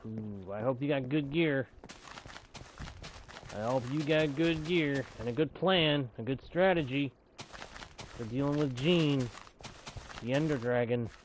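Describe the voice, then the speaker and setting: A man live-streaming a game and chatting with his viewers, shifting into high excited bursts when he greets them and putting on mock outrage over small mistakes. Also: a little slow, pauses often, a little hiss or hum. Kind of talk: live gameplay chat with viewers.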